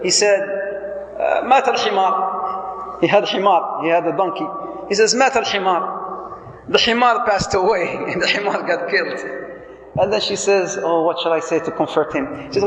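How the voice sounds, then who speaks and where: Animated male lecturer in an echoing hall. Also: high-pitched. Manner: animated, acts out dialogue, mixes Arabic phrases, joking. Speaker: Islamic speaker. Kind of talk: lively marriage lecture to a live audience.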